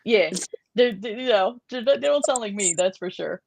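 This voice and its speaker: Brash New York woman with lively pitch. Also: moderate pace, gravelly, crowd noise. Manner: brash, laughs often. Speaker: host. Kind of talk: casual chat on a live stream.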